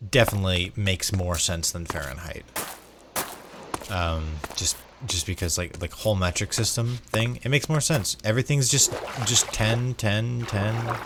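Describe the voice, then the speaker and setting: A man's voice: fairly low pitch, noisy background. A sleep-deprived man from the United States, rambling casually to viewers while playing a game, repeating words and drifting between asides. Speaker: gaming vlogger. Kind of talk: rambling casual gameplay chat.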